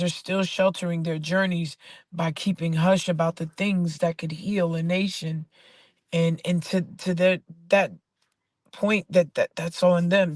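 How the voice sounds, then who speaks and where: A woman's voice: fairly low pitch, no echo, clean studio sound. A woman poet talking casually and emphatically about faith and perseverance, repeating her phrases for stress. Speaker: poet and artist. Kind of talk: casual inspirational talk.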